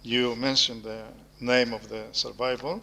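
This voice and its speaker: A man's voice: medium pitch, flat delivery, vocal fry, sharp tone. A man with a Greek accent hosting an interview, speaking hesitantly with frequent fillers. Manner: slow, hesitant, many fillers. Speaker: interview host, professor. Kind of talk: conversational interview. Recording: long reverb of a hall.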